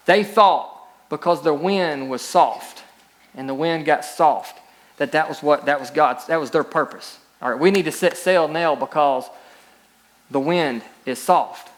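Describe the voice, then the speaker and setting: Emphatic higher-voiced man preaching. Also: unhurried. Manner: preaching with scripture readings, rising emphatic peaks. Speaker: pastor. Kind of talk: sermon.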